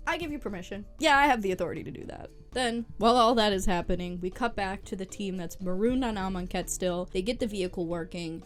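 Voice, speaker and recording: A woman casually recapping a story in a playful, chatty way, full of giggles and side comments. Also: fairly low pitch. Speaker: recap host.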